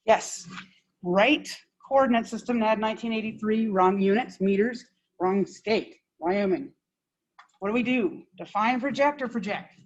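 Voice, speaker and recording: Blunt, informal woman teaching software. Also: medium pitch, a little slow, highs cut off. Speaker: GIS instructor. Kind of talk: classroom software demonstration.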